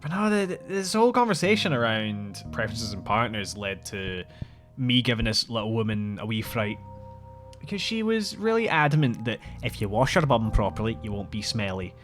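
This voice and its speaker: A man's voice: lowish voice, big pitch swings, moderate pace, soft background music. A man hosting his own podcast, telling rambling, profane, wry stories in a casual way. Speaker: podcast host. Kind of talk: casual solo storytelling.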